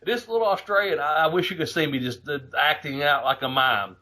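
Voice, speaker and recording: A man hosting a podcast, telling a road story in a casual, profane, animated way, laughing as he goes. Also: fairly high pitch, fairly quick. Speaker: podcast host.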